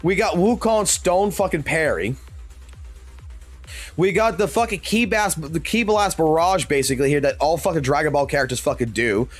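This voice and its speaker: Man, gaming streamer, fairly high voice, animated, swears nonstop, faint music behind. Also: normal speed, slightly rough. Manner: profane, animated, rambling. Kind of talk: excited gaming stream talk.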